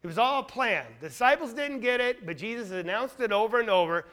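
A man preaching a sermon in a high, lively voice that climbs and dips widely. He presses home his points with rhetorical questions. He swings from loud, stressed lines to near-hushed asides. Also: a little fast, hardly any pauses. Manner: emphatic, asks rhetorical questions.

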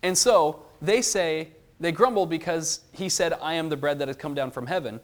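Lively man teaching a Bible class. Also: a little high, moderate pace. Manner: animated, asks the group questions.

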